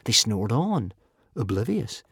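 Male audiobook narrator, animated delivery, dry studio sound. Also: on the low side, takes it slowly, vocal fry, slightly rough, no echo. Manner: lively storytelling, many character voices. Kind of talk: expressive scripted narration.

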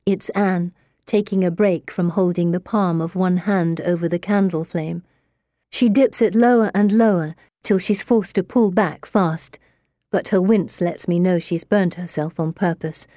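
Her voice on the low side, a woman reads an audiobook in a measured, even storytelling manner. The sound is clean studio audio with no room sound.

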